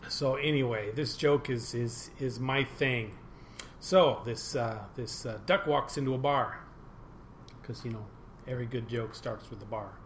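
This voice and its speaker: An older man co-hosting a casual podcast, telling a joke in a halting, self-deprecating way with many restarts. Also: medium pitch, a little hiss or hum. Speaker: podcast co-host.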